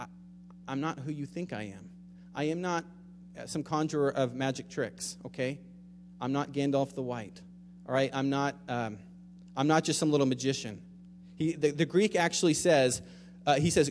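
A man preaching a sermon in a conversational way, moving between quiet, reflective stretches and louder, emphatic ones. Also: medium pitch, normal speed, in a large hall, a little hiss or hum. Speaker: pastor.

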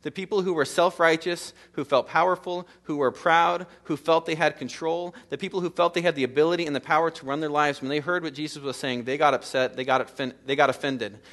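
A man's voice: fairly high pitch, fairly even intonation, fairly quick, few pauses, a bit bright. A middle-aged man preaching a sermon in a church, with an emphatic, repetitive cadence that builds through lists of short phrases. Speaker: pastor. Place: church sanctuary.

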